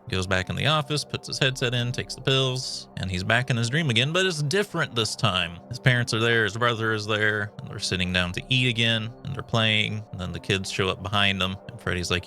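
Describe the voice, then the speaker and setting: A man in his thirties chatting through a casual movie recap, acting out the characters' lines with quick laughs. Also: fairly low pitch, vocal fry, bright, forceful tone, faint music behind. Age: adult, 30s. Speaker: video creator.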